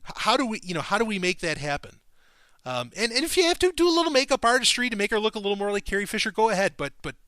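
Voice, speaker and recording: Man, podcast host, casual monologue: excitable, profane, lively pitch, dry close sound. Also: very fast, clean tone, no room sound. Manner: excitable and profane, voice jumping up when enthused.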